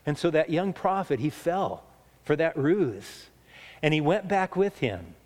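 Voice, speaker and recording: Male preacher, earnest sermon, slightly high voice, long hall reverb. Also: very animated. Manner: earnest, emphatic, slows down for key points.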